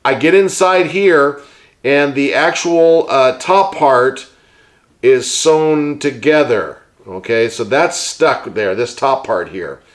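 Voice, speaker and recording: A man's voice: medium pitch, slow pace. A man hosting a hands-on craft tutorial, chatting and explaining each step while he works with his hands. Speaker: host and puppet maker.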